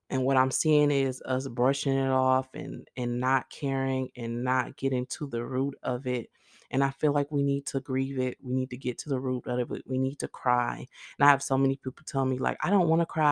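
A woman's voice: rumbling low, creaky, no echo, clean studio sound. A woman hosting her own podcast, talking earnestly to her listeners in a rambling, casual way, full of "like" and "literally.". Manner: speaks directly to listeners. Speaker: podcast host. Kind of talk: casual faith-based monologue.

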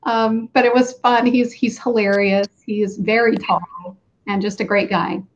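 A woman's voice: mid-range voice, fairly even intonation. A woman hosts a casual interview in a chatty way, asking questions and telling her own story. Her voice sits mid-range, and the recording sounds dull and muffled. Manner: chatty, quick back-channel responses. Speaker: host.

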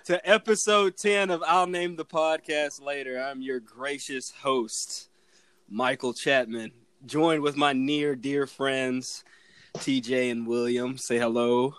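A man's voice: mid-range voice, fairly even intonation, slow pace, a bit bright, smooth, no room sound. A man hosting a casual podcast chat with friends, joking, laughing and cussing as he talks. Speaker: podcast host.

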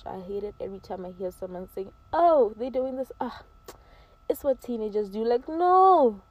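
A woman's voice: medium pitch, a little mellow, rough recording. A teenage girl giving emphatic, preachy advice straight to camera, slipping into mocking quoted voices. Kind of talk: casual advice monologue to camera.

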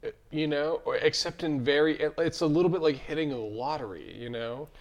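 A man's voice: fairly high pitch, brisk, highs cut off. A man hosting a podcast, reflecting thoughtfully and thinking aloud in casual chat. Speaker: podcast host.

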